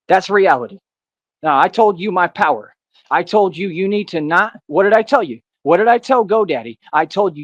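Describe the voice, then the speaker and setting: A man's voice: sits high, no room sound, highs cut off. An American man in a ranting monologue, defiant and boastful, confronting his critics and repeating himself as a self-styled vigilante. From United States.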